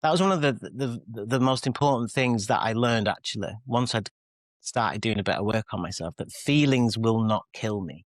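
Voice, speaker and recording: A man's voice: lowish voice, moderate pace, no room sound. A man in his forties with a Mancunian accent, a guest telling candid, self-deprecating stories in an interview. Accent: Mancunian English. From England. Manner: rambling, self-deprecating, with frequent restarts and acted-out quotes. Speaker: guest, pop singer and author.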